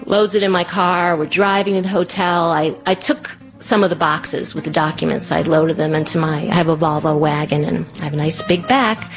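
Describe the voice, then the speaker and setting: A woman telling a personal story with animated, breathless, self-deprecating energy. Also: fairly low pitch, moderate pace, soft background music. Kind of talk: personal story told to an audience.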